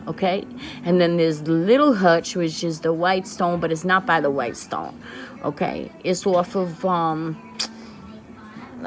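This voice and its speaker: A woman tells a story to her viewers in a casual vlog. She is emphatic and repeats key lines for weight. Her voice sits at an ordinary, middle pitch. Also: a little mellow. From the Bronx, New York. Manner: emphatic and repetitive, talks straight to her viewers. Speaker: vlogger.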